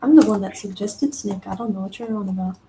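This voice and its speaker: A woman as a guest in a casual chat, teasing in a dry, deadpan way. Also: mid-range voice, fast, slight background noise, poor audio.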